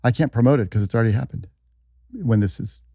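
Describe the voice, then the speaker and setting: Deadpan male podcast guest. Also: medium pitch, fast, breathy edge, no room sound. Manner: deadpan, dry humor. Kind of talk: casual chat.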